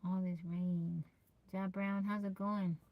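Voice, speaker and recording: A soft-spoken, easygoing woman chatting casually with viewers on a live stream. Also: medium pitch, little pitch movement, slow, highs cut off.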